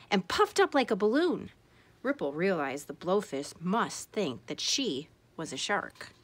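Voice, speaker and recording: A woman reading a picture book aloud for children, greeting them warmly and giving each character a voice. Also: lowish voice, a little slow. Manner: expressive, animated character voices. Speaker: storytime reader. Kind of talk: read-aloud storytelling for children.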